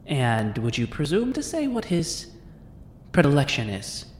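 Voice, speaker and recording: A man's voice: on the high side, huge pitch swings, a little slow, big-room sound, slight background noise, pitched above the performer's own voice. A man voicing an ancient, wry witch in a tabletop game. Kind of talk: tabletop role-play voicing.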